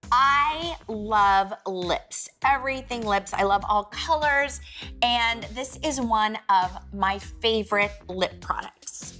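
A woman's voice: on the high side, slow, bright, forceful tone. Chatty bubbly woman in her 40s, gushy vlog host, bit of music behind. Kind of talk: casual lifestyle vlog.

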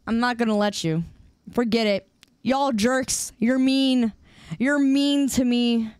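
Young woman streamer, bright higher register, playful mock-outrage at chat, close dry mic. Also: measured pace, clean tone, no room sound. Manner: playful, teasing, mock-indignant banter with chat. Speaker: game streamer. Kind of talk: casual live-stream chat. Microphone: desk streaming mic with headphones.

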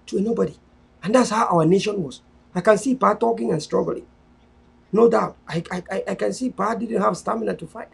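Speaking with a Cameroonian Pidgin English accent, a man gives an impassioned, repetitive and preachy address on a live stream, veering between loud pleas and low murmurs. His voice is gravelly with a breathy edge, and he talks fairly quickly.

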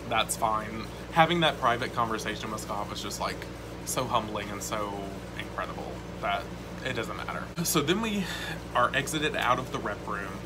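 A man telling a story to camera in casual vlog style, excited and swearing often, with lots of "like". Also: on the low side, noisy background. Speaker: vlogger.

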